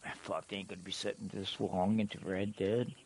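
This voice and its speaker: A man's voice: sits low, level tone, a little fast, creaky, darkish tone, a little hiss or hum. A middle-aged man telling stories casually on a live stream, rambling and profane, often chuckling.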